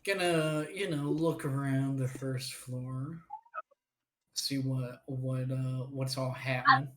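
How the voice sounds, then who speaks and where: A man's voice: mid-range voice, steady tone, slow, sharp tone. A man playing a tabletop game, playful and jokey as he declares his character's actions. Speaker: player. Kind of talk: casual tabletop game play over voice chat.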